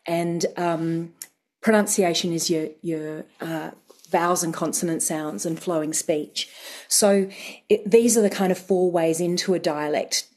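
A woman with a slightly low voice who lays out accent work step by step, in the even, methodical manner of a dialect coach. She explains patiently and now and then laughs lightly. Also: measured pace. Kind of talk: explaining on a radio show.

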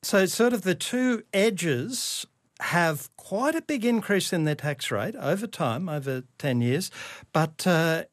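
Measured male radio host. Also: high voice, lively intonation, no room sound, clean studio sound. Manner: measured questioning. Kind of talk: radio interview.

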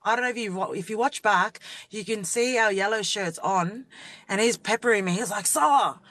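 A woman's voice: mid-range voice, a little fast, a bit bright, no room sound. A woman, a rugby league player, chatting as a guest and animatedly acting out quotes as she tells a story. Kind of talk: casual chat interview.

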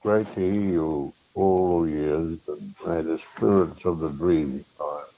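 Caller: older male, very deep and slow, dull phone audio. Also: dark tone. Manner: slow, unhurried, blessing-like.

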